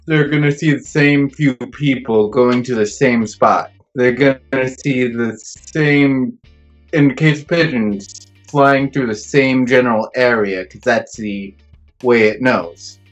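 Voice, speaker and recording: A young man co-hosting a casual podcast, talking haltingly with lots of fillers. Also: mid-range voice, fairly even intonation. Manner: halting, filler-heavy, slow to find words. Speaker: podcast co-host. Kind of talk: casual chat. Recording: dull lo-fi podcast audio with faint music.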